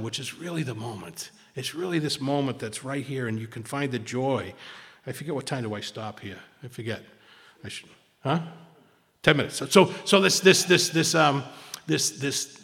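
A man shares casually at a recovery meeting, rambling and repeating himself with self-mocking humor. His voice is medium in pitch, creaky, and a bit bright, and a long hall reverb surrounds it.

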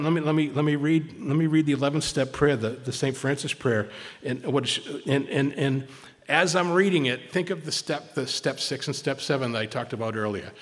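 A man shares at a recovery meeting, rambling and restarting his sentences and repeating words as he goes. His voice sits at an ordinary middle pitch, and it rings with a long reverb from the hall he speaks in. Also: a bit bright. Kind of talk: informal talk at a recovery meeting.

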